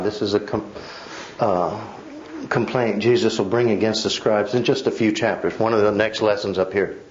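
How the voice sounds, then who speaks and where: A man's voice: medium pitch, slight background noise. Man preaching emphatically, slightly dull recording. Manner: emphatic, conversational preaching with asides. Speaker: pastor. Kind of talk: Bible study sermon. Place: church.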